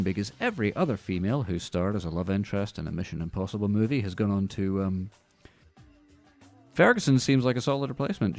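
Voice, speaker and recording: Gravelly sardonic man. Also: fairly low pitch, a little mellow. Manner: sardonic, dry mocking asides. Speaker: podcast host. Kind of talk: casual comedic movie news chat.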